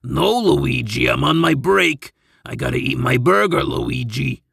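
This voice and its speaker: A man voicing a stubborn plumber on his lunch break, in a slow, lowered voice. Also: lively intonation, creaky, a bit bright, husky, no echo, clean studio sound, full character voice.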